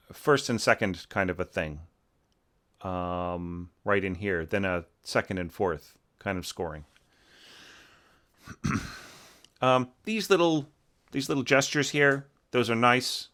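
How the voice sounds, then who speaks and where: A man's voice: fairly low pitch, lively intonation, slow pace, long pauses, a bit bright. A man giving a casual, rambling critique of an orchestral score, full of fillers and sung snippets of the phrases. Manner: rambling, many fillers, sings phrases as bum bum. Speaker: orchestration teacher reviewing scores.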